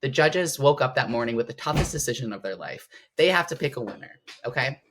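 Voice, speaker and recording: A woman guest in a casual interview, telling stories with strong emotion and big swings in her voice. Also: fairly quick. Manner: animated, emotional storytelling with big pitch swings. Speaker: interview guest, competitive bodybuilder.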